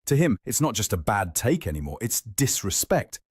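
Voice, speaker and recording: A man's voice: on the low side, very animated, normal speed, slightly rough, dry recording, clean studio sound. A man reading scripted narration in a dramatic, explanatory way.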